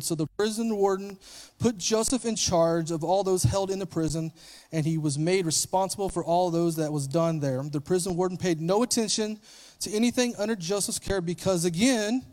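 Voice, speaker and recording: A man's voice: sits high, a little mellow. A man preaching a sermon, retelling a story in a casual, conversational way and briefly acting out the characters.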